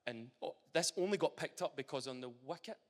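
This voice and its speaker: A young Scottish man, a retired footballer, chats animatedly in a casual interview at a live event, restarting his sentences often. His medium-pitched voice moves a little fast, and the large hall adds a long reverb.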